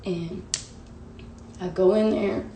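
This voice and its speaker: A woman's voice: mid-range voice, steady tone, takes it slowly, mellow, slight background noise. A young woman vlogger telling a personal story casually and emotionally, full of slang and fillers. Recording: echoey room.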